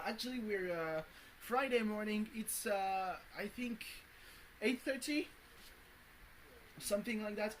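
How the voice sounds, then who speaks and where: A man's voice: sits high, slight background noise, poor audio. A man, rambling casually and swearing freely while vlogging from home on a hot morning. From France. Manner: rambling and profane, with many fillers and chuckles. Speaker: video blogger.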